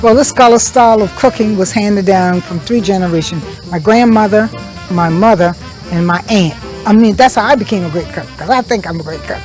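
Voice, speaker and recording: A woman talks in an easy, homely way at a middle pitch while she shows how she cooks. Faint music plays under her voice at an outdoor family barbecue. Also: fairly quick. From South Carolina, USA. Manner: homely, explaining as she demonstrates. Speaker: caterer and cookbook author. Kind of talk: casual talk while cooking.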